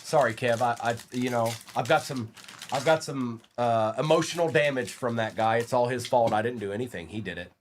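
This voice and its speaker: A man's voice: medium pitch, fairly quick, slight background noise. A man hosting a live trading card break stream, calling out each card and chatting casually with viewers. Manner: animated, calls out cards while chatting with viewers.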